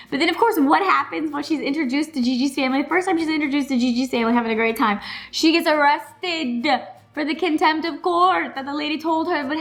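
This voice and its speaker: A woman's voice: high voice, a bit bright. A woman chatting casually through a TV episode recap, her talk full of "like" and "you know" fillers. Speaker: vlogger reviewing a TV episode.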